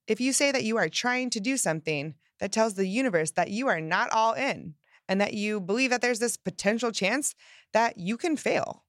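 Energetic woman giving a motivational talk. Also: mid-range voice, moderate pace, no echo, clean studio sound. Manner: energetic and emphatic, acting out inner voices. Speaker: self-help podcast host.

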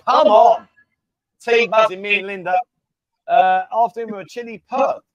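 A man's voice: sits high, fairly even intonation, brisk, a bit bright, no echo. A man hosting a casual live stream, bantering and teasing viewers. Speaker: livestream host. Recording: dull lo-fi stream audio.

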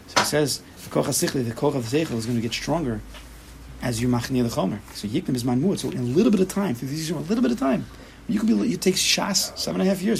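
A man teaching a Torah class as a rabbi, speaking emphatically and acting out inner voices in quick quoted asides. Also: mid-range voice, gravelly, slight background noise, poor audio.

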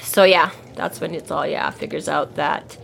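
A woman chatting casually as a podcast co-host, retelling a book scene, excitable, swearing freely and laughing often. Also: low-pitched, normal speed, creaky, a little hiss or hum.

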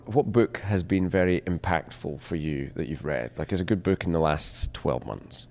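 A man with a Scottish accent asking interview questions in a rambling, halting way with frequent restarts. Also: deep voice, vocal fry, darkish tone. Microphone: handheld microphone held toward guest.

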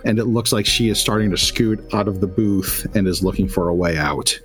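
Low-voiced man narrating as game master. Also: fairly quick, soft background music. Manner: loose, filler-heavy narration with many restarts. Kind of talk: narrating a tabletop role-playing game.

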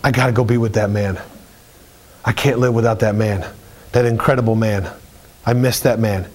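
Storytelling aside: a yearning young man done by a male preacher, low and heartfelt. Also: fairly even intonation, normal speed, lightly acted. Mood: longing. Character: awestruck young fisherman, moved and longing.

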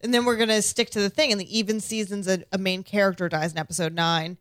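A woman's voice: medium pitch, steady tone, fast talker, fairly bright tone, no room sound. A young woman with a mid-range voice chatting as a podcast co-host. She reads listener comments and adds wry, eager remarks. The recording is dry and close. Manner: enthusiastic, wry asides, casual swearing. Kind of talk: casual chat reading listener comments.

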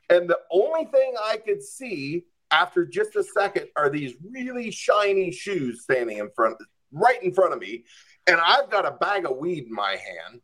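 Brief: male podcast guest, casual animated storyteller, a bit higher-pitched than most men, peppers everything with "like.". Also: moderate pace. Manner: animated, acts out his own reactions; frequent "like" and "I'm just like".

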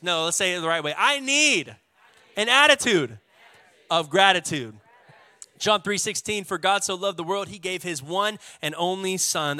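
Texan pastor guy preaching, bright voice, super casual and lively, gets the crowd to repeat stuff. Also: a little high, no echo. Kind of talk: sermon.

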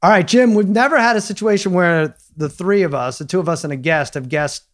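A man hosting a relaxed podcast conversation, with a voice pitched a bit high for a man. He tells stories in a jokey, animated way. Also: brisk. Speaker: podcast host. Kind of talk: casual chat.

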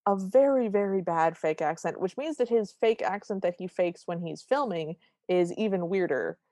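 A woman co-hosting a podcast, recapping a movie in wry, quick, casual chat. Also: lowish voice, mellow, no echo. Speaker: podcast co-host.

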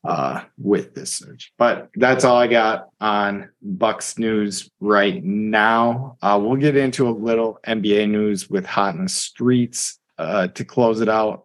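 Rambling man with a lowish voice. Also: slow, few pauses. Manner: rambling, full of "like" and restarts. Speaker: podcast co-host. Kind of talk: casual sports chat.

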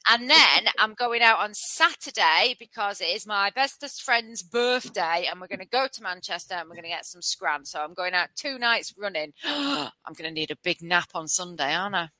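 A woman co-hosting a podcast in a chatty, teasing way, quick to laugh. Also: mid-range voice, animated, pushed and bright, dry recording, poor audio. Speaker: podcast co-host. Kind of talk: casual chat.

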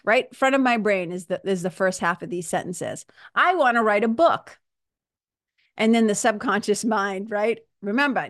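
A woman hosting a self-help show, talking animatedly, laughing often and restarting her sentences. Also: medium pitch. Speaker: podcast host. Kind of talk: self-help talk monologue.

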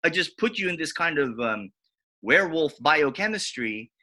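A man in casual conversation, telling animated stories and acting out what others said. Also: normal speed. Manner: animated, acts out quotes with big pitch jumps. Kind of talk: casual storytelling chat.

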